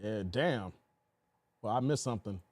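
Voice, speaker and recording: A man's voice: fairly low pitch, moderate pace, no room sound. A man hosting a livestream, reading viewers' chat and roasting them in casual, slangy, taunting talk. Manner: trash-talking, taunting and slangy; animated, laughs often.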